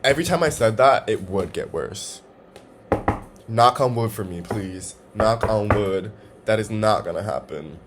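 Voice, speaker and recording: A young man vlogging from home, talking in a halting, emotional way and swearing often. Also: lowish voice, lively intonation, noisy background. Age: young adult. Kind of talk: confessional personal vlog.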